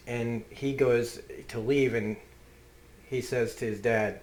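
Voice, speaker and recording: A man's voice: lowish voice, steady tone, takes it slowly, darkish tone. Earnest male comic reviewer, echoey room. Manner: earnest, emotional, rambling with restarts. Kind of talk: casual video review. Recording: roomy echo.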